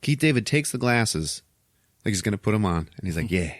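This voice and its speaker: A man with a deep, low voice recaps a film scene by scene on his podcast. He swears freely and chuckles as he goes. The recording is dry and close. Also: brisk, no echo. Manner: profane, chuckling, animated retelling. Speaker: podcast host. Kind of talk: casual movie recap.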